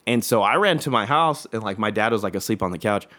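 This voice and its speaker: A man's voice: lowish voice, animated, fast talker, sharp tone. A young adult man telling a long personal story in casual chat, rambling with lots of fillers and swearing.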